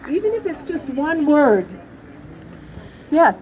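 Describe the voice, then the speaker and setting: A woman leading an outdoor vigil, talking slowly and encouraging the crowd to speak. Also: sits high, big pitch swings, highs cut off. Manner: slow, encouraging, prompting speakers. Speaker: vigil facilitator. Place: outdoor town square vigil. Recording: crowd and loud street noise outdoors.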